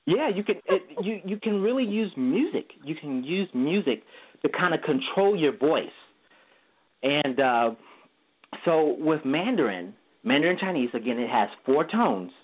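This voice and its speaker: A man's voice: on the high side, sing-song, unhurried, slightly rough. A male guest teacher explaining Mandarin tones in a casual interview, singing vowel sounds to show each tone and laughing easily. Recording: tinny phone line.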